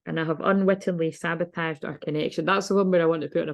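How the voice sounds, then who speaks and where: A woman's voice: low voice, steady tone, fast talker, few pauses. A British woman giving a casual tarot reading, rambling, laughing and swearing freely. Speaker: tarot reader.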